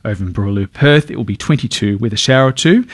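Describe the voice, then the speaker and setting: A man with an Australian accent reading a radio news bulletin in a steady newsreader cadence, recorded in a radio studio. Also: medium pitch, quick pace, no echo. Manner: lively, even newsreading cadence.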